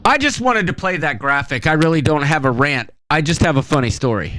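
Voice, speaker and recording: Give me a man chatting as a podcast host, full of ums and likes, very expressive pitch. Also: a little fast, no room sound. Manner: rambling storyteller, many fillers. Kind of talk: casual chat.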